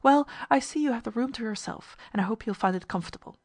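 A woman's voice: on the high side, fast, darkish tone, no echo, voice pushed up. A woman reading a story aloud, voicing an urbane, formal ship's purser who keeps saying sir. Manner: polite, formal, often says sir. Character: urbane, fussy middle-aged male ship's purser.

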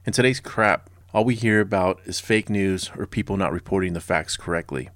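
Deep-voiced sarcastic history narrator. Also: male voice, brisk, no room sound, studio quality. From Southern California. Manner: sarcastic and blunt, with casual personal asides. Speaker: podcast host.

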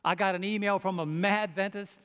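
A male pastor preaches a sermon in a high voice, pressing his points hard and throwing rhetorical questions at the congregation. His voice carries a long reverb from a large hall. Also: fairly even intonation, fairly quick, fairly bright tone.

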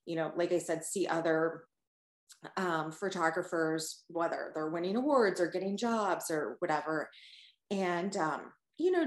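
A woman with a fairly low voice reflects on running her business, speaking thoughtfully and hesitantly. The recording sounds roomy and echoey. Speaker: guest, photographer and business owner. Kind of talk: reflective interview answer.

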